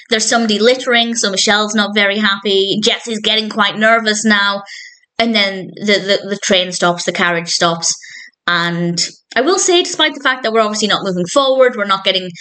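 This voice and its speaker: A woman's voice: mid-range voice, a bit bright, poor audio. A woman reviewing a TV sitcom episode in a casual spoken monologue, earnest and reflective, openly moved by what she describes.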